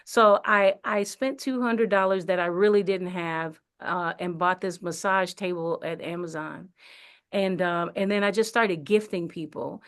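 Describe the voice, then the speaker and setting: A woman's voice: fairly low pitch, fairly even intonation, measured pace. A woman, an actress, telling her story in a casual interview, chatty with many fillers and restarts. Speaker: actress and singer, interview guest. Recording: radio studio interview.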